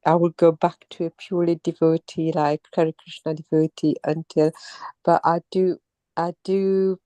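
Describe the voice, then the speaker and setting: Middle-aged woman from Mauritius with a cold, low mellow voice, halting casual account, dry sound. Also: level tone, no room sound. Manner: halting, many pauses and restarts. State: has a cold and sore throat. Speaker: interviewee, temple visitor.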